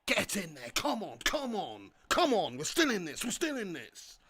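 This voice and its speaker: Young man, gaming streamer, high voice, loud and excitable, swears a lot. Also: moderate pace, breathy edge. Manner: excitable, shouting and laughing, swears freely. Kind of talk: live-stream commentary and chat reading.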